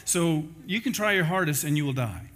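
A man preaching as a pastor, telling a story with lively acted-out quotes before closing in prayer. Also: a little high, brisk. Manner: storytelling, acting out quoted voices; ends in a spoken prayer. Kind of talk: sermon.

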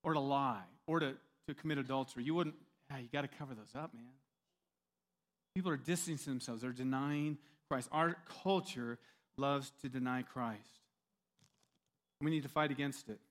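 A man's voice: mid-range voice, normal speed. A man preaching a sermon as pastor, talking conversationally with rhetorical questions and frequent restarts.

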